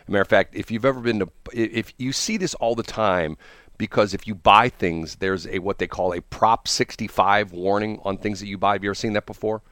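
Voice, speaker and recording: A man's voice: fairly low pitch, a little fast, no room sound, studio quality. A man hosting a radio morning show, telling a rambling story on air and acting out the people in it. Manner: animated, acts out quoted people. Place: radio studio.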